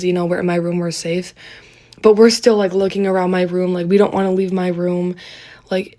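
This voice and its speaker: A woman's voice: mid-range voice, a little mellow. A woman telling a scary true story in a casual vlog, rambling with lots of fillers and sometimes dropping to a whisper.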